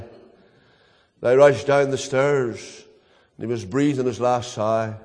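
An older man with a Northern Irish accent preaching a sermon as a pastor, telling stories earnestly with dramatic pauses. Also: mid-range voice, steady tone, a little mellow, long reverb tail.

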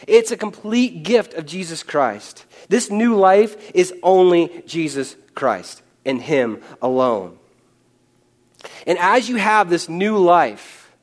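Brief: young male pastor, casual sermon delivery, playful asides, slightly high pitch. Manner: conversational with joking asides.

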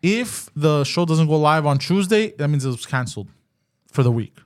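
A man's voice: on the high side, animated, normal speed. A man hosting a casual live podcast, talking loosely with slang and swearing. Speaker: podcast host. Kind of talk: casual live-stream chat.

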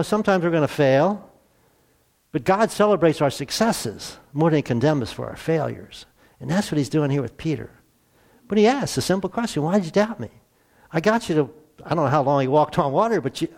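A man's voice: on the high side, lively intonation, brisk, creaky. A man preaching a conversational sermon as a pastor, speaking plainly and often restarting and repeating his words.

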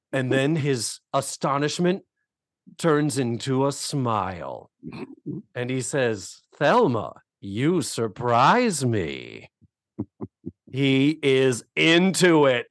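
A man co-hosting a podcast, casually recapping a TV episode with animated storytelling. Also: fairly high pitch, no echo, studio quality. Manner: animated storytelling, acts out quotes. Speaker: podcast co-host.

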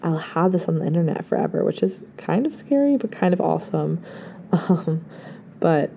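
A hoarse young woman in her late teens, a podcast host giving an earnest, effusive farewell full of thanks. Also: on the low side, animated, moderate pace, dark tone, slight background noise. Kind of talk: casual heartfelt farewell talk.

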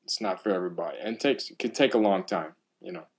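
A man's voice: deep voice, fast. A man, a percussion teacher chatting casually on a podcast and telling stories with laughter.

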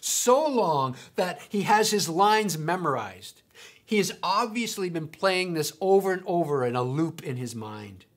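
A woman preaching a sermon, emphatic, repeating key points slowly. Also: on the low side, lively intonation.

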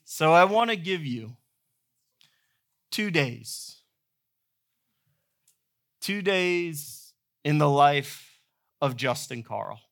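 A man's voice: a little high, animated, very slow, gravelly, long pauses, a bit bright. A man in his thirties preaching a sermon as pastor, telling stories in a playful, humorous way. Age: 30s.

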